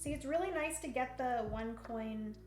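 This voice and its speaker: A woman's voice: high voice, normal speed, roomy sound, music in the background. A woman talking through a solo board game on a live stream, thinking aloud as she counts pieces and reads rules, and chatting playfully with viewers. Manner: greets chat viewers playfully.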